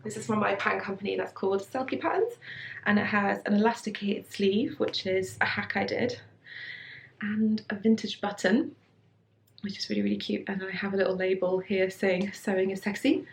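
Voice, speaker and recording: A young British woman who vlogs about sewing chats casually from a room at home about her handmade clothes, giggling and adding plenty of fillers and asides. She uses a mid-range, creaky voice with a steady tone at a moderate pace, captured with a roomy sound and a little hiss or hum.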